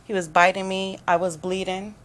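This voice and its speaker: A woman's voice: medium pitch, level tone, moderate pace, fairly bright tone. A woman guest on a gospel talk show, giving an emphatic personal testimony and repeating phrases for weight. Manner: emphatic, repetitive storytelling.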